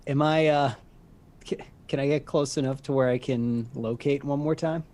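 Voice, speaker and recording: A man's voice: mid-range voice, steady tone, normal speed, darkish tone. A man playing a tabletop game, eager and jokey in casual chat. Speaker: player.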